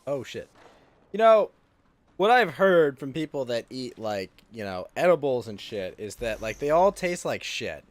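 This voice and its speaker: A man's voice: mid-range voice, sing-song, measured pace, dry recording. A man, ranting and swearing during a casual livestream chat while gaming. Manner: ranting, exasperated, swears freely. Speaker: streamer.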